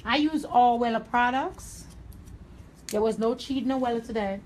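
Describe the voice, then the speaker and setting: A woman's voice: on the high side, moderate pace, a little mellow, a little hiss or hum. Blunt New York woman hairstylist. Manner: blunt, confident, streetwise, with Southern-tinged slang. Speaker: hairstylist and salon owner. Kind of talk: livestream haircut tutorial.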